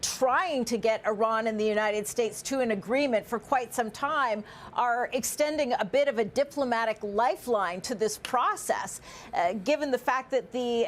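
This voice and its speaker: A woman reporter talks through diplomatic developments in a measured, analytical way, pausing on fillers as she works through her points. Her voice sits a little higher than most women's. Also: slight background noise. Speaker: news reporter. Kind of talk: live news analysis.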